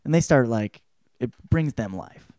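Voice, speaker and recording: A man hosting a podcast, giving a casual spoken book report in a profane, rambling way, breaking into loud quoted outbursts. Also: mid-range voice, expressive, a little slow, no echo, clean studio sound. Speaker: podcast host.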